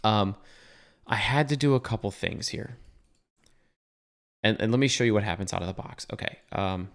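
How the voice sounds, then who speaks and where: A young man with a fairly low voice walks through a coding tutorial as he shares his screen. He talks casually and thinks aloud, with plenty of fillers and self-corrections along the way. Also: moderate pace. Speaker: web developer teaching a coding tutorial.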